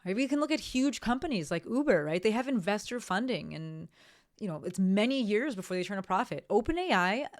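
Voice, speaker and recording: A woman's voice: mid-range voice, very animated, fairly quick. A woman hosting a solo podcast, talking bluntly with lots of swearing and rambling tangents, often tagging sentences with "right?". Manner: blunt, profane, rambling with frequent "right?" tags. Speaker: podcast host. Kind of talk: casual solo podcast monologue.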